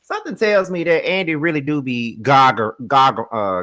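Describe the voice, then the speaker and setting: A man's voice: mid-range voice, animated, fairly quick, few pauses, pushed and bright, no room sound. A man hosting his own commentary channel, ranting bluntly and profanely about a celebrity feud. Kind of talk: reaction commentary.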